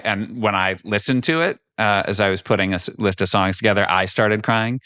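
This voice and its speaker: A man's voice: fairly low pitch, fairly quick, sharp tone, clean tone, no echo, clean studio sound. A man in his thirties co-hosting a podcast, talking in a reflective, hesitant way with many fillers. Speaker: podcast co-host. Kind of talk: casual chat.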